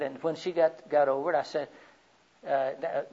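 A man's voice: a little high, steady tone, brisk, gravelly, a little mellow. A man preaching a sermon, telling personal stories and asking the audience questions. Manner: storytelling, rhetorical questions to the audience. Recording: dull lo-fi recording.

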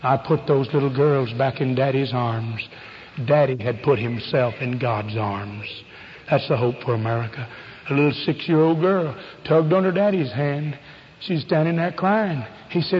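A man preaching an evangelistic sermon, fervent and pleading, swinging from loud calls to hushed appeals. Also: medium pitch, moderate pace, long reverb tail, dull audio, a little hiss or hum.

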